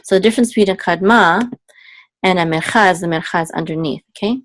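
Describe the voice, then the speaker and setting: A woman teaching a student one-on-one in a casual, patient way, explaining step by step, checking in often and singing out syllables as examples. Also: dry recording. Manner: sings syllables higher and slower as examples. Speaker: Hebrew cantillation teacher.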